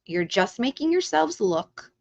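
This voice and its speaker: A woman's voice: fairly high pitch, big pitch swings, unhurried, vocal fry, a little mellow. A woman hosting a livestream who rants heatedly, swears freely and. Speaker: livestream host. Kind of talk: ranting livestream talk. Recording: dull lo-fi stream audio.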